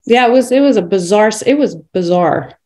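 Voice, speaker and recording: A Canadian woman tells a personal story as a guest on a podcast. Her voice sits at an ordinary middle pitch. She keeps the telling lively and animated. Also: a little fast, rough recording. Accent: Canadian English. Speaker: guest karate instructor. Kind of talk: casual podcast conversation.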